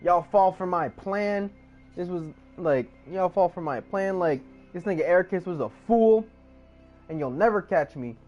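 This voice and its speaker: A man voicing a scheming old villain who gloats slowly in slang. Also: sits high, animated, a little mellow, highs cut off, faint music behind. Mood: gloating. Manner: gloating, drawn-out.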